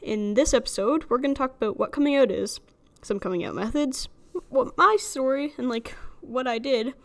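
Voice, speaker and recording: A woman's voice: a little high, a bit bright. A young woman with a slight lisp hosting a solo podcast, chatty and rambling, joking at her own expense. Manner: chatty, rambling, self-deprecating with frequent laughs. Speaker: podcast host. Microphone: studio microphone alone in a room.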